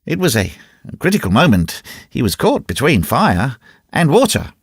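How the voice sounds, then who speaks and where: A man reading a classic novel aloud as an audiobook narrator, in an expressive, varied reading. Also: mid-range voice, normal speed, husky, no room sound, studio quality. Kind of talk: scripted narration.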